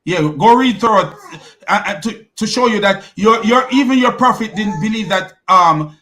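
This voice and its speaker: A man with a high voice argues hard in a heated religious debate. He presses the same question again and again and talks right over the other man. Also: animated, moderate pace, sharp tone. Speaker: channel host debating a caller.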